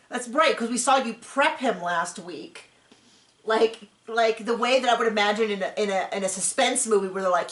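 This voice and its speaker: Brief: woman host, higher voice, animated chatty storyteller, echoey room. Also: moderate pace. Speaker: podcast host. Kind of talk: casual recap chat. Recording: roomy echo.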